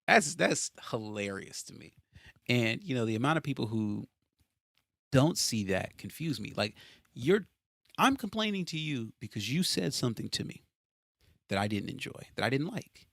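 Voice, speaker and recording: A man hosting a podcast from a home basement, ranting casually and profanely with animated exasperation. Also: mid-range voice, normal speed, gravelly, no room sound, studio quality. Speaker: podcast host.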